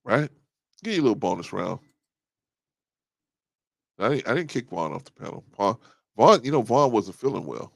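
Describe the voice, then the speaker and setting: Gravelly low-voiced man hosting a talk stream. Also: normal speed, pauses often, no room sound. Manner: animated, laughs a lot, repeats himself. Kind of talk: casual monologue.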